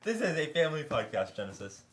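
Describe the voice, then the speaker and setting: A man's voice: a little high, sing-song, quick pace, heavy background noise. A man co-hosting a podcast, chatting casually and joking now and then. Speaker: podcast co-host. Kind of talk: casual chat.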